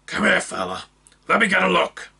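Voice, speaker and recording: A man voicing a big, gruff but friendly female orc who bellows and talks brusquely. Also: high-pitched, steady tone, normal speed, pushed and bright, far from the mic, voice pushed up, heavily acted.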